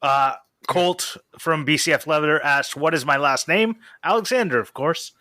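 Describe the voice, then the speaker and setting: A man's voice: a little high, steady tone, unhurried, pushed and bright, dry recording, clean studio sound. A young man hosting a casual podcast chat, rambling a little as he reads out listener questions. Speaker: podcast host.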